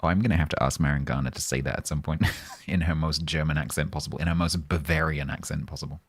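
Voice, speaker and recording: A man's voice: a bass voice, steady tone, quick pace. A man live-streaming a game, chatting casually and jokingly with his chat.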